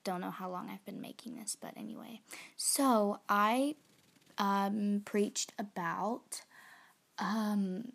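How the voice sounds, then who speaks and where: A woman's voice: medium pitch, slow, gravelly, a bit bright. A young woman, chatting into her phone for a casual solo podcast, rambling and self-conscious, often dropping to a whisper. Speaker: podcast host.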